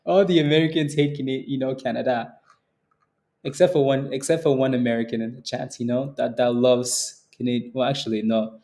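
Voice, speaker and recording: A man's voice: mid-range voice, steady tone, moderate pace, darkish tone. A young adult man hosting a live stock trading stream, chatting casually and teasing his viewers, repeating phrases and laughing often. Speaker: stock trading livestream host. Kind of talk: casual livestream chat reading the chat.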